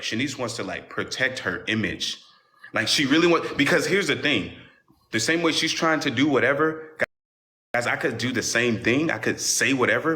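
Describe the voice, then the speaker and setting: A young man on the guest side of an interview, answering in a bright, forceful voice. He talks in an animated, defensive way and trips into repeated restarts. His pitch sits in an ordinary middle range. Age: young adult. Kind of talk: defensive casual talk.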